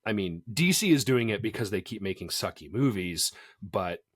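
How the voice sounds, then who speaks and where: Low-voiced man, chatty podcast host, dry close mic. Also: moderate pace, slightly rough, no room sound. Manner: animated, chatty, laughs often. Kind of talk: casual podcast chat.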